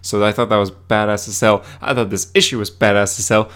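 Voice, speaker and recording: A man's voice: fairly low pitch, fairly even intonation, fairly quick, fairly bright tone, clear, resonant tone. A young man co-hosting a casual comic podcast, eagerly correcting and explaining story details. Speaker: podcast co-host. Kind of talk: casual chat.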